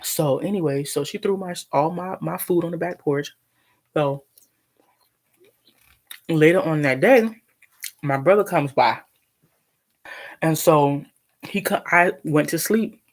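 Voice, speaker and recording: Speaking slowly with long pauses in a low-pitched voice, a woman at home shares a rambling, indignant story with her live-stream viewers, restarting often and eating as she goes.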